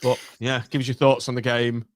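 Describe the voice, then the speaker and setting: Man, football podcast host, brisk, steers the chat, dry close sound. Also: mid-range voice, monotone, no echo. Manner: brisk, leads the chat by calling on each guest.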